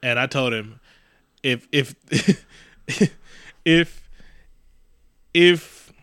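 A man co-hosting a casual chat, animated and swearing, often jumping into high excited bursts. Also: extremely slow, clear, resonant tone, dry recording, studio quality. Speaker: podcast co-host.

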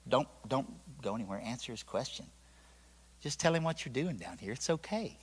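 Soft caring god voice, hushed and gentle, done by a man, big hall reverb. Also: mid-range voice, lively intonation, brisk, husky, voice pushed down. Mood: tender.

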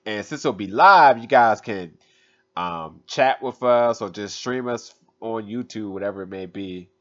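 A man's voice: lowish voice, measured pace. A man hosting a podcast, rambling casually through plans and plugs. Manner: relaxed, rambling with fillers. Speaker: podcast host. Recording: dull lo-fi audio.

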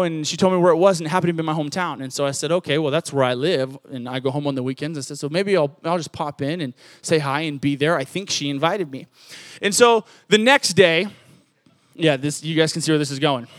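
A young man with a high, light voice delivers a sermon in a chatty, storytelling way, full of fillers, getting louder and higher when the story gets exciting. The sound is dry and close, with no room echo. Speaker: preacher.

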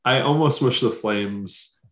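A man's voice: mid-range voice, slow pace, a bit bright, roomy sound. A man co-hosting a sports podcast, bantering and joking casually. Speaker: podcast co-host.

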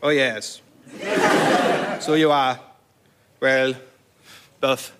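An actor playing a grandiose, theatrical Voltaire in a put-on outrageous French accent, for a radio comedy sketch. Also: male voice, mid-range voice, level tone, very slow, very noisy. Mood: grand. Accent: mock French.

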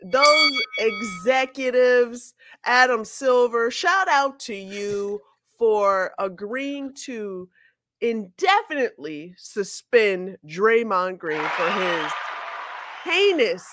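A woman co-hosting a casual podcast, answering in a measured, laid-back way. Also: medium pitch, big pitch swings, fairly bright tone, no room sound, clean studio sound, some chatter behind. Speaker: podcast co-host.

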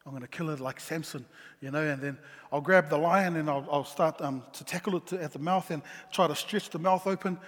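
A middle-aged man telling a personal story about being a father, earnest and halting, with many ums and restarts. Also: fairly high pitch, fairly bright tone, in a large hall. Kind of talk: personal testimony talk.

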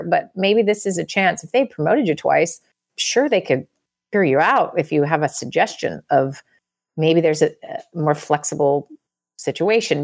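A woman hosting an advice podcast, giving encouraging, coaching advice in casual chat with many fillers. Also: fairly low pitch.

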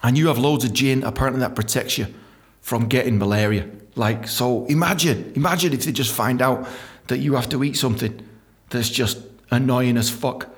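A man's voice: mid-range voice, normal speed. A man hosting a podcast, delivering a profane, mocking comedic rant. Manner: profane, ranting; animated, mocking. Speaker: podcast host. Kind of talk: comedic monologue.

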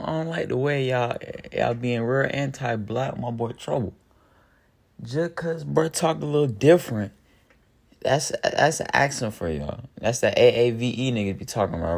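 A man's voice: medium pitch, expressive, moderate pace, creaky. A man leaving a heated, profane voicemail, mocking the hosts as he rants. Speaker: voicemail caller. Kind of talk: ranting voicemail.

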